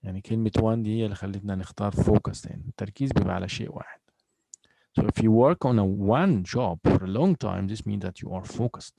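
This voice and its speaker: Gravelly teacher explaining patiently. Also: male voice, on the low side, mellow, low-quality recording. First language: Arabic. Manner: patient, explains slowly, repeats words. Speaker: English teacher. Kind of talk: bilingual classroom lesson.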